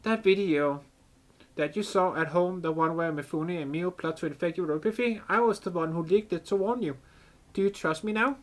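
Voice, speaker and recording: A man's voice: high voice, moderate pace, pitched above the performer's own voice, natural voice. A man voicing a playful young female cyber ninja hacker, breezy and a bit sheepish, in a fan reading of game dialogue.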